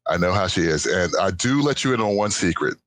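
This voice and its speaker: A man's voice: low-pitched, lively intonation, a little fast, a bit bright, no echo. A man speaking in character during a storytelling game, easygoing and chuckling. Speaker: game player.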